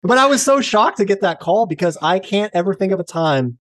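A man co-hosting a podcast in casual chat, an animated storyteller who swears freely. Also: high-pitched, fairly quick, no room sound. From Texas. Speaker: podcast co-host.

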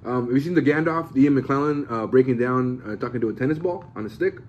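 A man talking fast in a loose, rambling podcast chat. He swears freely and drops into quick voices for the people he quotes. The recording is a little dull, with a faint hiss. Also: mid-range voice. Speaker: podcast co-host. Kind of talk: casual chat.

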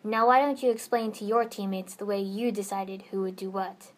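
A relaxed grown male ninja teacher who speaks in an even, measured way, read by a woman. He sounds unhurried and dry, a storybook mentor keeping things in hand. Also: mid-range voice, close to an everyday voice. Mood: calm. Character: calm laid-back adult male ninja teacher.

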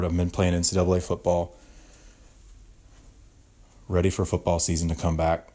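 A young man hosting a podcast, ranting with exaggerated mock outrage and constant swearing. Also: deep voice. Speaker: podcast host. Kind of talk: comedic podcast rant.

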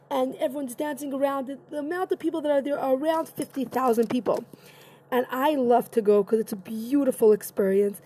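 Woman, high voice, earnest personal storytelling, emotional, conversational. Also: a little mellow, slightly rough. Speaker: vlogger.

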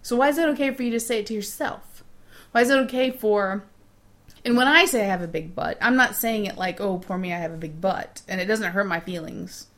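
A woman co-hosting a podcast, chatting casually and giving advice, animated and quick to laugh. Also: a little high. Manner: chatty, laughs often, animated when making a point. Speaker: podcast co-host.

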